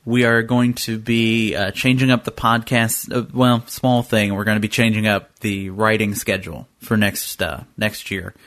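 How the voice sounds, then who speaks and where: A man's voice: lowish voice, little pitch movement, normal speed, few pauses, fairly bright tone, dry recording, studio quality. A man hosting a casual podcast, joking and laughing easily as he steers the talk. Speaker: podcast host.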